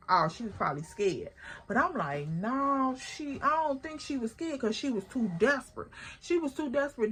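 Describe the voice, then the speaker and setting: Husky high-voiced woman telling a story. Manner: animated storytelling, acts out quoted lines. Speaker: vlogger. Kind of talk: storytime vlog.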